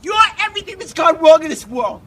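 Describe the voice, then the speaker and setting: A man putting on a furious ranting man who screams insults, shouted from away from the mic. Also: very high voice, lively intonation, fast talker, distant mic, pitched above the performer's own voice, heavily acted. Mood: screaming rage. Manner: screaming, explosive.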